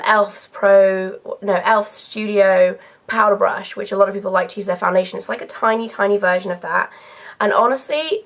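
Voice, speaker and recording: Hoarse woman vlogger with a cold. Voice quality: husky, lowered voice. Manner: chatty, lots of fillers and "kind of". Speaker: beauty vlogger. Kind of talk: casual beauty chat.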